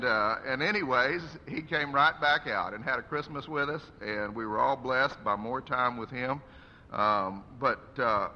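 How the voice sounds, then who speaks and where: A man's voice: mid-range voice, sharp tone, a little hiss or hum. A man delivering an earnest, preacherly eulogy for his father at a funeral service. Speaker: son giving a eulogy. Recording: echoey hall, dull lo-fi sound.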